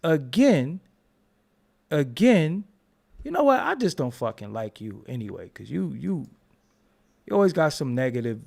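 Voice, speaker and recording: A man's voice: on the high side, very animated, a little slow, creaky, long pauses, darkish tone. A young man who hosts a commentary vlog and rants bluntly, cursing and repeating himself. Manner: blunt, profane, repetitive. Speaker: commentary channel host. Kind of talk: ranting commentary.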